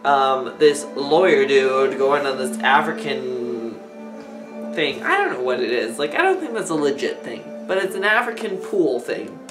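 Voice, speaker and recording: A man's voice: big pitch swings, a little slow, over music, rough recording. Drunk man rambling a movie recap. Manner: slurring, rambling, bursts into shrill squeaky impressions. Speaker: host.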